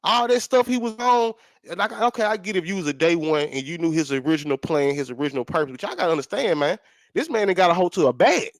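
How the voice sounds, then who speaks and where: A man's voice: high voice, animated, fast, dry recording. A man co-hosting a casual talk show, blunt and profane, repeating points for emphasis. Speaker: podcast co-host.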